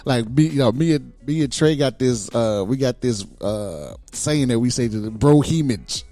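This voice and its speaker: Man, podcast co-host, animated up-and-down voice, loose slangy talk, laughs a lot. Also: medium pitch, moderate pace, soft background music. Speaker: boss at work, married father. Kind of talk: casual podcast chat.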